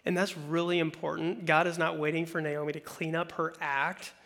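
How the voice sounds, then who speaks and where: A male pastor preaches in a relaxed, conversational style, reading scripture aloud and breaking into acted-out quotes. His voice is bright and sharp, sitting a little higher than most men's. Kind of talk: sermon.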